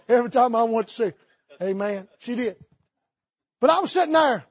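A man preaches from the pulpit, spinning folksy stories. His voice sits high and a bit husky. The sound is dry and dull, with a muffled, lo-fi edge. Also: lively intonation, normal speed. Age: 50s. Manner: folksy storytelling with Southern idioms. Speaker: pastor. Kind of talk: sermon. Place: church sanctuary.

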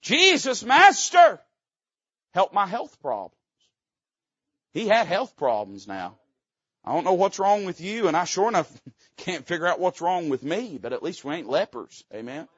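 A man preaching a sermon from the pulpit, folksy and fervent, swinging between loud rises and quiet dips. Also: fairly high pitch, big pitch swings, moderate pace, breathy edge, no room sound, highs cut off. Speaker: pastor. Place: church sanctuary.

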